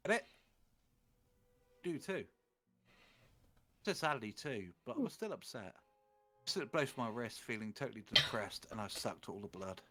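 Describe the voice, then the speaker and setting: Man, mid-pitched voice, lively swinging intonation, mock-dramatic comic reading, faint music underneath. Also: moderate pace, long pauses. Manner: mock-dramatic, swinging into loud exaggerated quotes then flat asides. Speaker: stream co-host reading fan fiction aloud.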